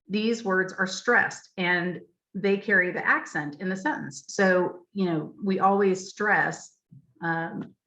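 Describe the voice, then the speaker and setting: A woman trainer teaches a session over a video call, walking through her points patiently and sounding out example phrases. Her voice sits a little low, with plenty of ums along the way. The computer audio is dull and lo-fi. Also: a bit bright. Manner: explanatory, frequent ums, demonstrates pronunciations aloud. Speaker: literacy trainer.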